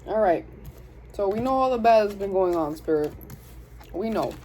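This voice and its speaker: A woman's voice: mid-range voice, animated, normal speed, mellow, slight background noise, rough recording. A young woman with a Southern US accent giving a casual, chatty tarot reading, speaking to spirit and her viewers in slangy, self-interrupting talk. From Southern United States. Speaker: tarot reader.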